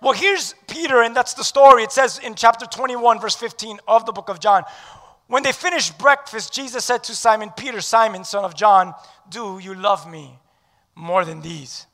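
A man preaching a sermon as pastor, emphatic and swinging from loud declarations to hushed lines, calling on the congregation to repeat after him. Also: sits high, normal speed, long reverb tail. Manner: leads the audience in call-and-response.

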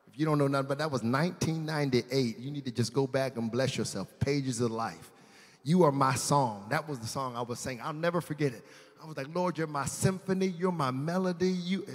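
A man preaching a sermon as pastor, telling a personal story in casual slang and building from quiet asides to loud, shouted praise. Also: on the high side, long reverb tail. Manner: casual slang, addresses congregation as fam.

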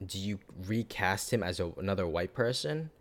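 Man, very deep voice, rambling podcast talk, casual swearing. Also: lively intonation, normal speed. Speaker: podcast co-host. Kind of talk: casual chat.

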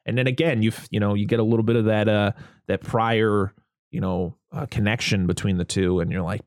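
A man's voice: lowish voice, steady tone, a little fast, darkish tone, dry recording, studio quality. Laid-back man recapping a movie. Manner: laid-back, laughs often, acts out characters' lines. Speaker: podcast host recapping a film. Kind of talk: casual chat.

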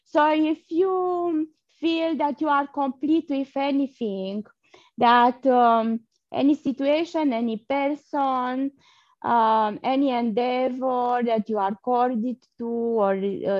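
Woman guiding an energy healing, slow and halting, dull lo-fi sound. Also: on the high side, dry recording. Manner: soft, halting, with breathy blowing sounds. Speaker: energy healer guest. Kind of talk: guided energy healing session.

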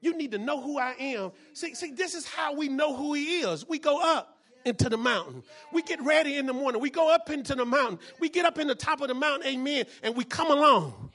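A man preaching a sermon as pastor, often shouting and repeating phrases, calling out to the congregation for responses. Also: extremely high pitch, expressive, a little fast.

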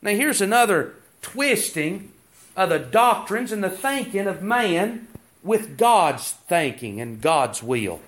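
A man's voice: sits high, very animated, slow pace, fairly bright tone. A man preaching a sermon, asking rhetorical questions and reading scripture.

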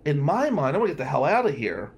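A man's voice: a little high, very animated, quick pace, gravelly, breathy edge. A man casually telling a personal story in a sardonic, rambling way, full of wry asides.

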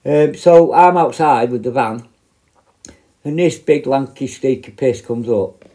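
A man's voice: mid-range voice, unhurried, mellow. Blunt, foul-mouthed British man. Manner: blunt, heavily profane, rambling with restarts. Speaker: former prison officer telling stories. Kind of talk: casual anecdote.

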